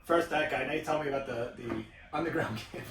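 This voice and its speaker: A man who is a guest in a casual round-table chat, reacting in a lively way and stammering as he jumps in. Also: mid-range voice, quick pace, echoey room, recorded from a distance. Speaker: guest investor.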